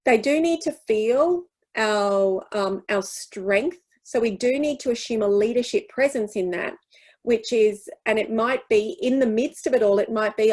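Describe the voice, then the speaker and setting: Speaking a little slowly and at a fairly high pitch, an Australian woman answers questions at a teachers' workshop. She walks through child development and models gentle phrases for talking to children.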